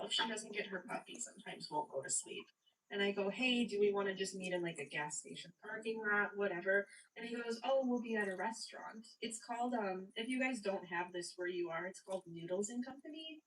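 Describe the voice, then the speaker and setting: A young woman with a stuffy nose, chatty and animated, telling a story on a casual live stream. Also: mid-range voice, distant mic, slight background noise, poor audio. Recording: voice away from the mic.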